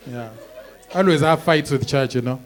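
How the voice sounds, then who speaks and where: Animated Kenyan man doing stand-up. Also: fairly high pitch. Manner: animated, mixes in Swahili, acts out people. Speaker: stand-up comedian. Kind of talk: stand-up comedy set.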